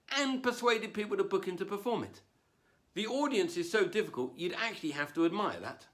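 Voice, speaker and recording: Comic, lively wry delivery, fairly high voice, dry self-mocking stand-up. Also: male voice. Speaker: stand-up comedian. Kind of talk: stand-up comedy monologue. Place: home, performing without an audience.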